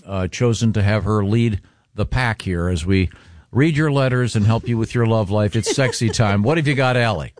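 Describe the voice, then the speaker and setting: A male radio co-host who talks haltingly, filling pauses with ums and uhs. His voice is close and dry in the studio. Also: lowish voice, a little mellow, dry recording. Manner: hesitant, many ums and uhs. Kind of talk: radio banter.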